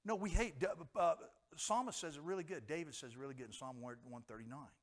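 Middle-aged guy preaching, pretty high voice, chatty, throws questions at the crowd. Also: fairly quick. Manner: conversational, acts out quoted voices, asks the congregation questions. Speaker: pastor. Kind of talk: sermon.

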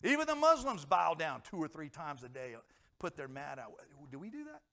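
A man's voice: a little high, very animated, moderate pace, vocal fry, a bit bright. A middle-aged man preaching a sermon in a conversational way, asking the congregation questions and acting out voices. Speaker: pastor.

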